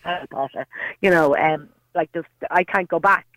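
A woman's voice: lowish voice, normal speed, fairly bright tone, dry recording, poor audio. An Irish woman calling in to a radio show, telling a story in a chatty way with plenty of hesitant fillers. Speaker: caller. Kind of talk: phone-in chat.

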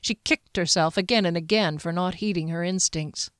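A woman narrating a fantasy audiobook in a measured, even storytelling manner. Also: on the low side, dry recording, clean studio sound.

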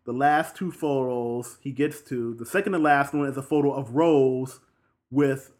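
A man in casual chat retelling a film's plot, acting out the characters' lines in quick, lively bursts. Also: mid-range voice. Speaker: film recapper.

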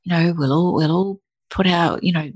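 A gentle, soothing friend offering calm reassurance, as a woman quotes her. The voice stays low and a little husky. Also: normal speed. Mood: reassuring. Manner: reassuring, comforting.

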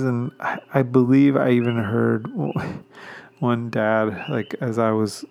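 A man hosting a casual solo podcast, rambling along with many pauses and restarts and chuckling at himself now and then. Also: medium pitch, fairly even intonation, creaky, a little mellow. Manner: chuckles self-consciously. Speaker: podcast host.

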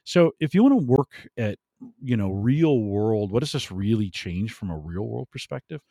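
Lively low-voiced man guest, dry sound. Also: normal speed, vocal fry, no echo. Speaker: podcast guest. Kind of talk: conversational interview.

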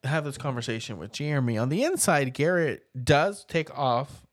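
A man's voice: medium pitch, expressive, normal speed, no room sound, studio quality. Laid-back man recapping a movie. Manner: laid-back, rambling, swears casually. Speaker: podcast co-host. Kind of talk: casual movie recap chat.

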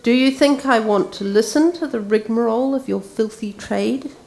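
A woman's voice: on the high side, moderate pace, creaky, darkish tone, voice pushed up. A woman voicing a stern, dignified bearded lord from a storybook, speaking in a commanding way.

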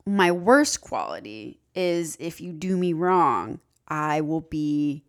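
A young woman co-hosting a podcast in casual chat, candid and profane, dropping into low mock-menacing asides. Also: very animated, slow, few pauses. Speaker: podcast co-host.

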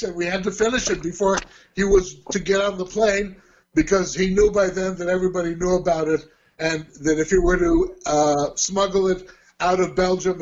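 A man's voice: high voice, darkish tone, lo-fi sound. A man in his sixties, an interview guest, telling long rambling stories with frequent chuckles and self-corrections. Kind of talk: casual storytelling.

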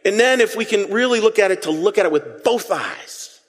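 Man, pastor, sermon, conversational and animated, high voice, long hall reverb. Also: normal speed. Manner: animated, conversational preaching with audience call-and-response.

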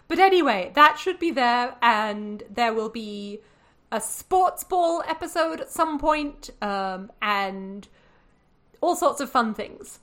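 A woman's voice: fairly high pitch, lively intonation, slow, fairly bright tone. Playful woman podcast guest. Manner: bantering, playful, laughs easily. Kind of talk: casual podcast chat.

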